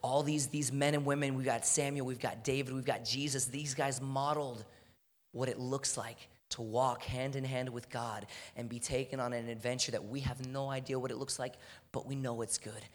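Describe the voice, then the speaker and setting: A young man from Houston, preaching earnestly, sometimes dropping to a hushed voice. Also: medium pitch, normal speed. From Houston, Texas. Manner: earnest, animated preaching with soft, hushed moments. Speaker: speaker. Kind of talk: sermon. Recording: long hall reverb.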